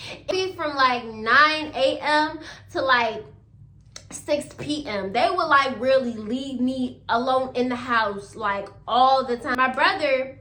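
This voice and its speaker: A young woman telling a story to her viewers in a chatty, animated, slangy way, laughing now and then. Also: high voice, echoey room, a little hiss or hum. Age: young adult. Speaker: storytime YouTuber. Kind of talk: casual storytelling to camera.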